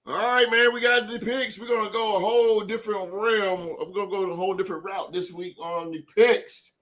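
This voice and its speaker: A man's voice: high voice, fairly even intonation, fairly quick, fairly bright tone, a little hiss or hum. A man hosting a sports podcast in a loose, hyped way, tagging his lines with "man" and "son.". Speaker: podcast host. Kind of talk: casual sports talk.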